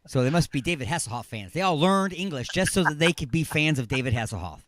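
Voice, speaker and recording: Male radio host, middle-aged, jokey and rambling, bright lively voice, dry studio sound. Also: fairly high pitch, fast, no echo. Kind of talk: casual call-in radio chat.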